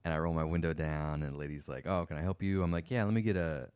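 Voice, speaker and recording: A man hosting a casual podcast, relaxed and laid-back, swearing easily as he tells a story. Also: extremely low pitch, fast, clear, resonant tone, no room sound, clean studio sound. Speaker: podcast host. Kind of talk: casual chat.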